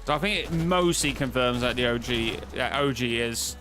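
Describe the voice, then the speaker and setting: A man's voice: medium pitch, moderate pace, over music. A man streaming and chatting casually about game-lore theories, rambling, restarting himself and answering his chat. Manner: rambling, talks to chat, frequent restarts and self-corrections.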